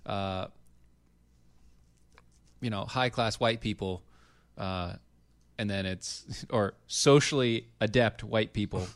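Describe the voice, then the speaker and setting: A man co-hosting a casual commentary chat, animated and quick to laugh as he rambles through stories. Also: fairly low pitch. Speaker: co-host.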